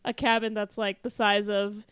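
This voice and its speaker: A young woman tells a story in casual conversation, acting out what people said and laughing along the way. Her voice is bright and smooth and sits a little high. The sound is close and dry. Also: moderate pace, no echo. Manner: animated storyteller, quotes people, laughs often. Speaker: guest telling a travel story. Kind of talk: casual chat.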